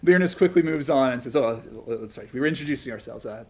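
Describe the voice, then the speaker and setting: Soft-spoken man tabletop player. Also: medium pitch, lively intonation, fast talker, a crowd in the background. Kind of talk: casual tabletop role-play.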